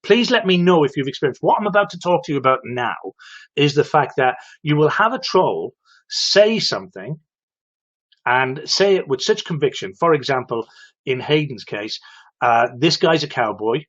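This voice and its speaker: A man's voice: fairly high pitch, sing-song, normal speed, fairly bright tone, muffled recording. A man hosting a live-streamed advice talk, explaining patiently and turning to his viewers with "okay?" and direct questions. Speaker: host of a live show for electricians.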